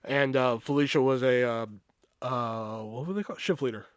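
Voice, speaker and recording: A man's voice: medium pitch, moderate pace, clean tone, dry recording. A man hosting a podcast, telling work stories in a casual, profane way and acting out the people he quotes. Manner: profane, animated, acts out quoted voices. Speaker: podcast host. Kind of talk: casual storytelling.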